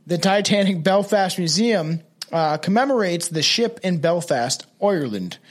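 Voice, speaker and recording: A man's voice: sits high, expressive, moderate pace. A man co-hosting a podcast, reading a ghost story in a rambling, swearing, casual way. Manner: rambling, swearing, laughing often. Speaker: podcast co-host.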